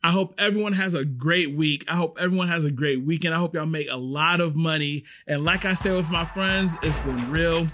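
A man hosting a podcast, telling a story in a chatty, animated way, full of fillers and the odd swear. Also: on the high side, brisk, few pauses, background noise. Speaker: podcast host. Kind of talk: casual storytelling.

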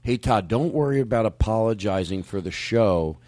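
A man's voice: on the low side, animated, moderate pace, darkish tone, no room sound. Male podcast host, profane rambling chatter, dry close mic. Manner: rambling, profane, self-interrupting. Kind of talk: casual chat.

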